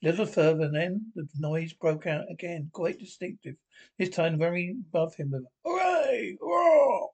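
A man's voice: a little high, moderate pace, a little mellow, rough recording. A man reading a classic children's story aloud, with frequent slips and restarts. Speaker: reader.

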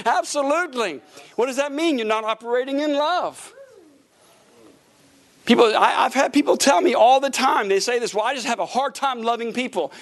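A man's voice: very high voice, fairly bright tone. A middle-aged man pastor preaching a sermon, telling stories with animation and often repeating "Praise God, amen.".

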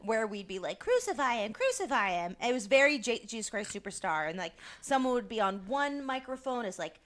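A young woman co-hosting a podcast in casual chat, rambling and animated, with lots of "like" and some swearing. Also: on the high side, fairly quick. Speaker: podcast co-host.

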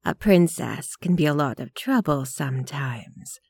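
A woman voicing a prim, quietly disapproving elderly lady in an audiobook reading. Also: sits low, lively intonation, unhurried, breathy edge, dry recording, clean studio sound, exaggerated voice. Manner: genteel, precise, quietly disapproving. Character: prim, gently sharp-tongued elderly woman.

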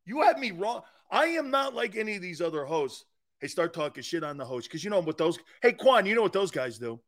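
A man's voice: sits high, very animated, fairly quick, a bit bright. A man hosting a sports talk show, brash and profane, rambling and talking straight to his listeners, edgy from short sleep. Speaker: sports radio host.

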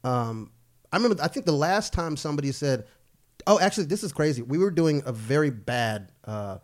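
A man chatting as a podcast guest, his pitch swinging widely as he tells stories. He laughs a lot and swears freely. The tone stays loose and animated. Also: a little fast. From United States. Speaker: guest, actor and writer. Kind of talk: casual interview chat.

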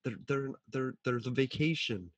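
A man in casual chat, animated, swearing freely and acting out what people said. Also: medium pitch, normal speed, dry recording, lo-fi sound.

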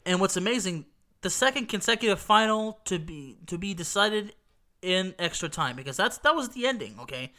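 High-pitched and expressive, with a sharp tone and moderate pace, a football fan excitedly and casually recounts a final he watched with his dad. He sounds stuffy from allergies, repeats himself emphatically, swears occasionally, and asks "okay?"

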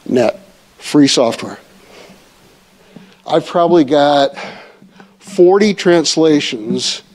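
A man's voice: medium pitch, a little mellow. A man teaching a church Bible study in a conversational way, asking the audience questions.

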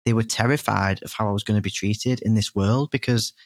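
A man's voice: lowish voice, fairly even intonation, a little fast, no room sound, clean studio sound. A man, a podcast guest frankly telling a personal story and often restarting his sentences. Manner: earnest, frank, full of restarts and "you know".

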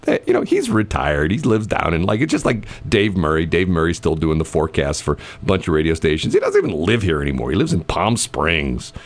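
A man's voice: low voice, wildly swooping pitch, fairly quick, few pauses. A man with a St. co-hosting casual morning radio, laughing often and joking. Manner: laughs often, jokey, acts out mock voices. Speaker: radio show co-host.

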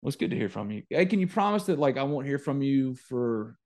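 A man hosting a casual sports podcast, animated, quick to joke and rant. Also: medium pitch. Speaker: podcast host.

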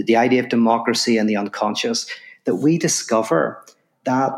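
A man who is a philosopher and guest on a podcast interview, telling a story and explaining ideas in quick, animated bursts with frequent "right?" asides. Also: medium pitch.

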